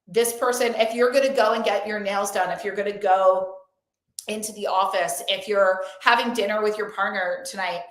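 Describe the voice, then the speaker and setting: A woman's voice: medium pitch, fairly even intonation, moderate pace. A young adult woman hosting a live-streamed motivational event as a coach, talking emphatically and effusively and repeating affirmations. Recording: roomy echo.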